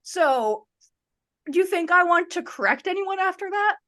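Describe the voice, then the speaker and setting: Her voice very high and a bit bright, this podcast co-host tells stories in a casual chat at a moderate pace. She's expressive, performing the lines others said to her as she goes.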